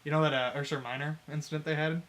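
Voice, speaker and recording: Guy chatting about a fanfic, bright voice, keeps laughing and cussing. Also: fairly high pitch, little pitch movement, quick pace. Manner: laughing, swearing, acts out quoted lines. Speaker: podcast co-host. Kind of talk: casual chat retelling a fanfic.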